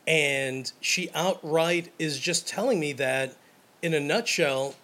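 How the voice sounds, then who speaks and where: Speaking casually to the camera, a young man who shoots weddings gushes about his job with lots of energy and frequent restarts. His pitch runs on the high side, and he takes things slowly.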